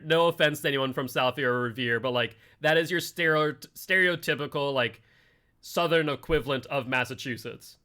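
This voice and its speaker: A man streaming a game live, chatting casually with his friends and chat, full of "like" and quick asides. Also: mid-range voice, pushed and bright, clear, resonant tone. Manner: chatty, filler-heavy, talks to chat and friends.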